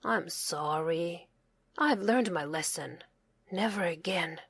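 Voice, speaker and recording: A woman voicing a bored, mischievous young shepherd boy, shouting high calls for help in a storybook reading. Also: big pitch swings, unhurried, no echo. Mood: sorry.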